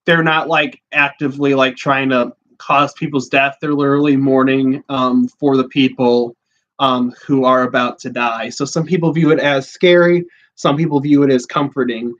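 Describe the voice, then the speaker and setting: A man's voice: medium pitch, fairly even intonation, moderate pace, a bit bright. A man hosting a casual livestream, talking in a chatty, rambling way with many fillers. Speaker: podcast host. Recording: dull lo-fi sound.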